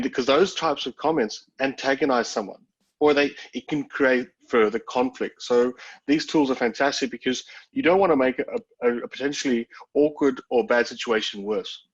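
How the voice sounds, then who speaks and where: A man's voice: mid-range voice, husky, lo-fi sound. A man co-presenting a workshop in an agreeable, conversational way, giving workplace examples. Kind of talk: conversational explanation.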